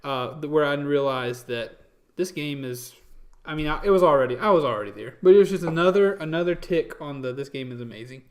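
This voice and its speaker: A man co-hosting a casual video game chat, telling stories in an animated way and laughing through them. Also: fairly high pitch, fairly quick. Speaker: podcast co-host.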